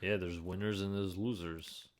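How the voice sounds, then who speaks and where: A man's voice: sits low, steady tone, normal speed. A man co-hosting a podcast in casual chat, chiming in with wisecracks. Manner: wisecracking, chimes in with quips.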